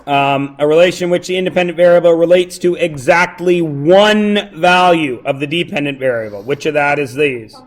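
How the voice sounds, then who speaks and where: A man's voice: on the high side, normal speed, hardly any pauses. A man teaching a math review lesson to a classroom, joking and going off on tangents while checking that his students follow.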